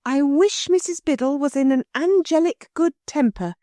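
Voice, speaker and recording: A woman's voice: high voice, normal speed, warm tone, no room sound, studio quality, pitched above the performer's own voice, lightly acted. A woman voicing an earnest, soothing young girl who coaxes and pleads. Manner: earnest, coaxing.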